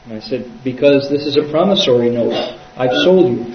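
A man's voice: mid-range voice, brisk, few pauses, crowd noise. Man interpreting a talk in a roomy hall. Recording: echoey, distant, dull lo-fi recording.

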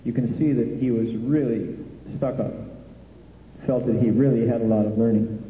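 A man's voice: mid-range voice, steady tone, normal speed. A man interpreting a story into English in a plain manner with fillers. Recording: tinny echoey hall recording.

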